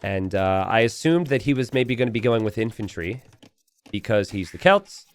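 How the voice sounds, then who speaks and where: A man's voice: lowish voice, normal speed. A young adult man giving casual, chatty commentary over a strategy game replay, telling the story with plenty of "uh" fillers.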